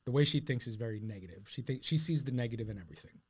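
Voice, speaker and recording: A man's voice: medium pitch, animated, rapid-fire, husky. A man on a podcast telling an everyday story in a casual, informal way during conversation. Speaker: podcast co-host.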